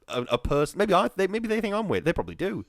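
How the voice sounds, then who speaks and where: A man with a fairly high voice that leaps wildly up and down as he jokes through casual podcast banter. He spins self-mocking stories with lots of energy. The close mic sounds very dry, with no room at all. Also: fast, dry recording. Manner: animated, self-mocking storyteller. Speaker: podcast co-host.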